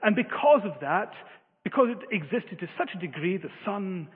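A man delivers a sermon in an earnest, emphatic way, often restarting his phrases. His voice sits high and sounds slightly husky. The sound is thin like a phone line, with a long hall reverb behind it. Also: expressive, normal speed. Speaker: preacher.

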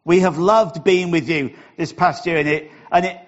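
A man's voice: fairly high pitch, steady tone, normal speed, hardly any pauses. A middle-aged Welsh man, a pastor, opening a sermon in a chatty, joking, self-deprecating way in a church hall. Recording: dull lo-fi recording.

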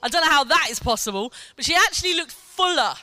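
A woman preaching a sermon, telling a personal testimony in an animated way and acting out quoted lines. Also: high voice, fast talker, dry recording. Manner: animated storytelling, acts out quotes, laughs often.

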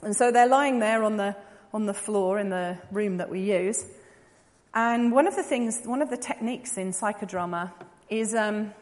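A woman's voice: medium pitch, normal speed, a little mellow. Earnest woman telling a story in a reverberant hall. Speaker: psychodrama practitioner giving a talk. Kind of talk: storytelling talk.

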